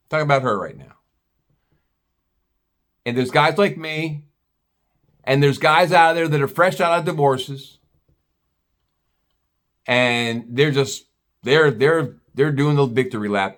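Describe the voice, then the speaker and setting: A man's voice: medium pitch, a bit bright. A middle-aged American man tells a long personal story in a loose, rambling way. He talks bluntly and swears without a second thought. It sounds like casual, unscripted chat. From United States. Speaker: vlogger.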